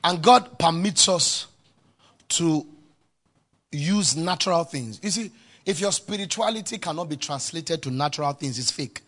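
A man's voice: a little high, expressive, a little slow, fairly bright tone. A man preaching a sermon as pastor, emphatic and calling out to the congregation for responses.

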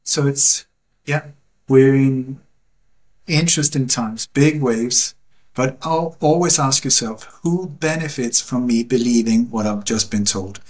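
Guy, earnest and emphatic, repeats stuff for weight, mid-pitch voice on a call. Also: takes it slowly, darkish tone. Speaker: interview guest. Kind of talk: passionate conversational monologue.

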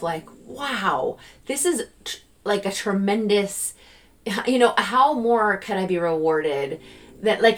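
Woman in her thirties, solo podcast host, lowish voice, casual and animated, breaks into gushing quoted thanks. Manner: chatty and animated, bursts into excited quoted gratitude.

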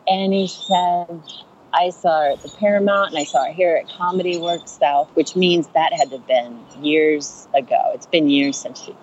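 Woman comedian, low voice, chatty storyteller acting out quotes, slightly muffled recording with faint hiss. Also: moderate pace, darkish tone. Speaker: stand-up comedian and rideshare driver. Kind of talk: casual storytelling on a podcast.

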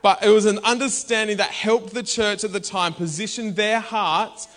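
Speaking at a normal pace with a voice that sits high, a man gives a conversational sermon in a church hall. He's animated throughout and breaks into occasional shouts.

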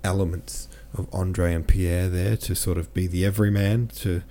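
Low-voiced, dark-toned man chatting casually. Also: flat delivery, moderate pace, a little hiss or hum. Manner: rambling, conversational, reads listener comments aloud. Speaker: podcast host. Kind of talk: casual book discussion.

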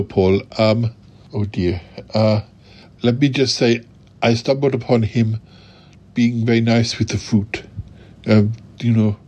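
A man's voice: mid-range voice, darkish tone, natural voice. Man doing a fretful, timid sidekick. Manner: hesitant, full of "oh dear" and "um".

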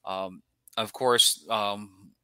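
A young man co-hosting a casual sports podcast, rambling with quick asides and chuckles. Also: on the low side, steady tone, sharp tone, smooth, dry recording. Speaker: podcast co-host.

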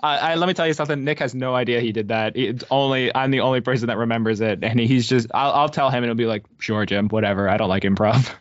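A man's voice: medium pitch, fast talker, hardly any pauses, no echo, muffled recording. A man from Philadelphia with a Philly accent, a podcast guest telling playful stories. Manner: storytelling, playful. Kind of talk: casual chat.

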